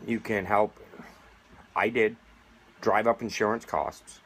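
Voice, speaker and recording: A man's voice: fairly low pitch, slow pace, pauses often, a bit bright. A middle-aged man speaking straight to camera, sarcastic and indignant, making a plea as a vaping advocate. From United States. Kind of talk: direct-to-camera appeal.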